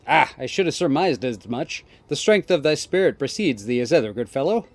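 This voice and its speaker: A man's voice: mid-range voice, animated, a little fast, dry recording. Man putting on a flowery young ninja. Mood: grandiose. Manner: archaic, flowery speech. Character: theatrical young male ninja student. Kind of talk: reading game dialogue aloud.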